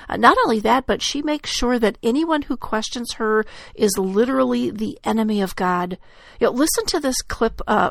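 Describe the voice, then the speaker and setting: A woman giving critical commentary in a measured, deliberate way with frequent hesitations. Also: medium pitch, no echo.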